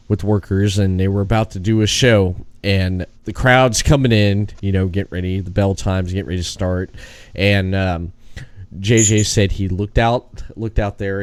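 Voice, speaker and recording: Man, podcast host, low voice, dry close sound, rambling casual stories. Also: clean tone, dry recording. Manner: rambling anecdotes with restarts. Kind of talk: casual chat.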